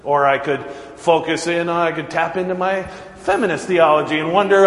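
A male pastor preaches in a loose, chatty way, joking and chuckling with his listeners. His voice sits a little high, and it carries with a long reverb through an echoey church sanctuary. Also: fairly even intonation, moderate pace, fairly bright tone. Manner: conversational and joking, laughs often. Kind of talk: sermon.

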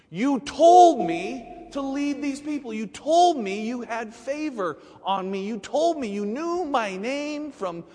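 A male preacher voicing Moses as a loud, high-pitched, insistent man pleading and complaining. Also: lively intonation, takes it slowly, big-room sound, full character voice. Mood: exasperated.

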